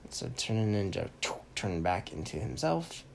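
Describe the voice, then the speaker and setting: A man telling an improvised story to a child in a playful, animated way, making it up as he goes. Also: fairly low pitch, a little slow, vocal fry, a little hiss or hum.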